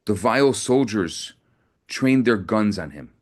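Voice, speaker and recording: Rabbi delivering a sermon, earnest storyteller, lower-pitched male voice. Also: lively intonation, a little slow. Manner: earnest storytelling, repeats words.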